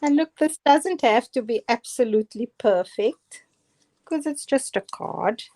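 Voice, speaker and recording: A woman's voice: fairly high pitch, lively intonation, measured pace, dark tone. A middle-aged woman with a Cape Town South African accent, casually demonstrating card making, chatty and self-deprecating with frequent laughs. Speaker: guest crafter demonstrating cards. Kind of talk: casual live craft demonstration.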